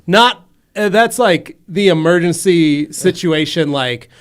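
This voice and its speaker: A man's voice: fairly high pitch, takes it slowly. A man co-hosting a podcast in a studio, telling a story in a casual chat and acting out the voices of his family. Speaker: podcast co-host.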